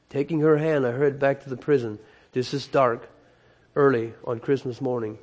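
A man preaching, telling a long story dramatically, swinging between loud emphasis and soft hushed moments. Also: medium pitch, steady tone, normal speed. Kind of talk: sermon storytelling.

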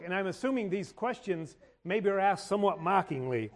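A man preaching a sermon in a church service, often restarting and repeating his words and clearing his throat. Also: high voice, animated, brisk, hardly any pauses.

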